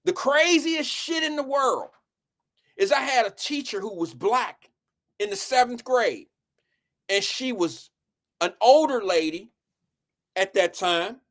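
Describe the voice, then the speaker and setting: A live show host telling a comedic rant, animated and profane, talking straight to the audience and swinging from shouts to low mutters. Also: slow, long pauses. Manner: addresses the audience directly as "y'all" and "guys".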